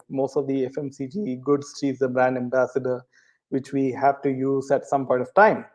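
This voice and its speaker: Reading viewer comments during a laid-back live chat, this male host has a mellow, medium-pitched voice. He hesitates often with ums and uhs, and he tends to finish his points with a rhetorical "right?".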